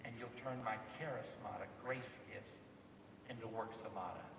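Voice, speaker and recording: A preacher voicing a calm, knowing God. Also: male voice, medium pitch, gravelly, voice pushed down, close to an everyday voice. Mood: patient. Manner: calm, measured explaining. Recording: echoey hall, distant mic, faint noise.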